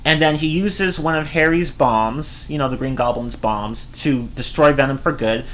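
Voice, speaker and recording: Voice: mid-range voice, moderate pace, few pauses, a bit bright. A streamer ranting casually about movies, rambling and swearing, often breaking into laughter. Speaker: streamer reviewing films. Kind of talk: casual rant.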